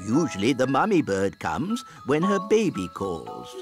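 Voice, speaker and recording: A man's voice: medium pitch, wildly swooping pitch, measured pace. A man voicing a formal, proper old male elf in a cartoon. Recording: cartoon soundtrack with music. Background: music.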